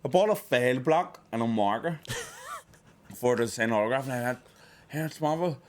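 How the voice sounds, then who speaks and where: A man's voice: medium pitch, expressive, moderate pace, slight background noise. Man, 30s, co-host, casual storytelling, swears and laughs a lot. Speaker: podcast co-host. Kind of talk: casual chat.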